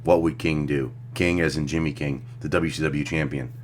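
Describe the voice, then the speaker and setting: A man's voice: rumbling low, steady tone, moderate pace, slight background noise. A young man giving crude, sarcastic reaction commentary on a clip, rambling and joking.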